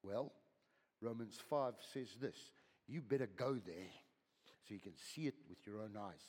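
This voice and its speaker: An older man preaching a sermon as pastor, swinging from loud, high exhortation to hushed whispers and repeating his words. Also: animated, normal speed. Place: church hall. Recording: long hall reverb.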